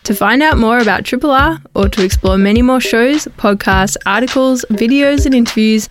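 A woman reading a scripted station announcement, clear and measured. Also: fairly high pitch. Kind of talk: scripted promo read. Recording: clear music bed underneath.

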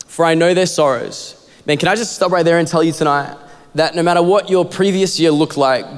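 A man's voice: on the high side, brisk. A young man, an assistant kids pastor, preaching a sermon in an earnest, conversational way with casual fillers. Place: church auditorium. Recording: long hall reverb.

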